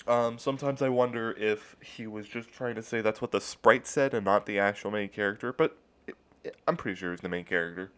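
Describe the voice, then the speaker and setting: A man's voice: on the low side, normal speed, a bit bright, clear, resonant tone. A young man reading a creepypasta aloud, reading out the punctuation and breaking in with sarcastic asides. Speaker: story reader. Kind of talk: casual creepypasta reading with commentary.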